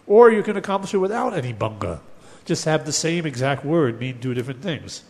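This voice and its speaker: A man teaching a lecture on poetics, explaining terms step by step and chanting verses slowly. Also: a little high, sing-song, a little mellow, big-room sound.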